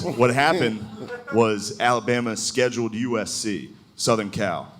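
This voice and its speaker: The comedian in this live stand-up clip has a medium-pitched voice and talks a little fast. Loose and chuckling at his own jokes, he slips into mocking voices, and audience laughter runs through the show.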